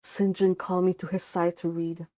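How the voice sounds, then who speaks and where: A young woman with a Spanish accent reading a classic novel aloud, unhurried and steady, now and then stopping for a casual aside or to correct herself. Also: fairly low pitch. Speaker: audiobook reader.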